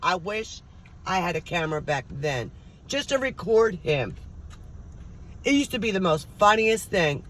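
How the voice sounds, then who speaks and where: A woman's voice: lowish voice, sing-song, measured pace, pauses often, fairly bright tone. A middle-aged woman vlogger, chatting casually to her viewers and telling stories, acting out the voices of the people in them. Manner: chatty storytelling, acts out voices.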